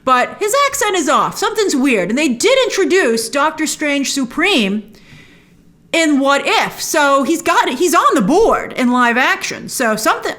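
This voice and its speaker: A woman hosting a trailer breakdown, chatty and opinionated, with excited asides. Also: high-pitched. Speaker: host.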